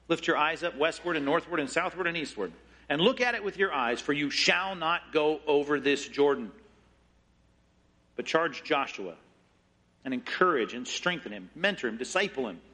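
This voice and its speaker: Male pastor, sermon, bright tone, slightly high voice, dramatic quoted lines. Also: normal speed, pauses often. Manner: expressive, acts out scripture quotes with shifting pitch and pace.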